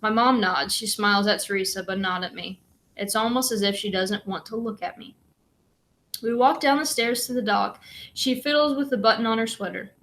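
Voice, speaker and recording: A woman's voice: mid-range voice, normal speed, a little hiss or hum. Woman reading a novel aloud. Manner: plain, even storytelling with brief asides. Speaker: reader and commentator.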